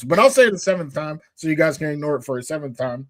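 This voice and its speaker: A man co-hosting a casual sports podcast, animated and slangy, laughing often. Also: fairly high pitch, fast talker, hardly any pauses. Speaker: co-host. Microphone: streamed podcast mic.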